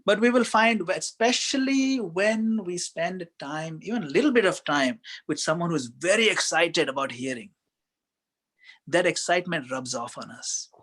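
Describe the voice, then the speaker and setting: A man giving a conversational spiritual talk as a guest speaker, telling stories in a relaxed way with many fillers. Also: high-pitched, moderate pace.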